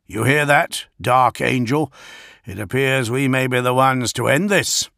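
A man voicing a gruff, wrathful male space marine commander in an audiobook, barking orders in a raised, intense voice. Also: medium pitch, measured pace, sharp tone, dry recording, clean studio sound. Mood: commanding. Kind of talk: audiobook character voice.

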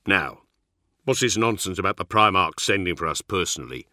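A man voicing a gruff, fatalistic space marine sergeant who talks in a dry deadpan growl. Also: low voice, fairly quick, no room sound, heavily acted.

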